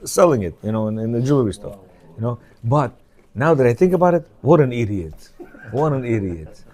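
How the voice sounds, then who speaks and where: Guy reading and explaining a book to a room of men, mellow, keeps asking do you hear. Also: medium pitch, very animated, quick pace. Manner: conversational, repeats questions to the listeners. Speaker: Torah class teacher. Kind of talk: reading a book aloud and explaining it to a men's class.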